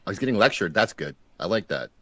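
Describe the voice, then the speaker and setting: A man's voice: fairly low pitch, very animated, fast, pushed and bright, no room sound. A man making dry, sarcastic remarks in a casual watch-party chat.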